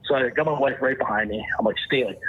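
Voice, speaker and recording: A man tells a hunting story on a podcast, acting out the dialogue with animated energy. His voice is breathy and husky. The sound is thin and phone-like, as if heard over a line. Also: medium pitch, quick pace. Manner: animated, re-enacts dialogue and moose calls. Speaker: podcast guest, hunter. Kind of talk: casual storytelling.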